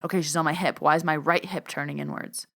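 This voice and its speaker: A woman's voice: low-pitched, steady tone, fast, vocal fry, pushed and bright. A young adult woman hosting a solo podcast as an energy worker, talking casually and reflectively, often repeating her questions.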